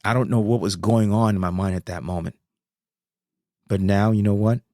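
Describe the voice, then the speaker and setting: In casual solo commentary on his own podcast, a low-voiced man talks in an excitable, rambling rush, swearing freely and circling back to his points. His pace is moderate, and his voice is close and dry with no room sound.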